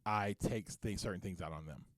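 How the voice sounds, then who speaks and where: A man's voice: low-pitched, a little fast, no echo, studio quality. A man co-hosting a podcast, talking openly and with passion, his voice rising when he gets worked up. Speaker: podcast co-host and CEO. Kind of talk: candid podcast conversation.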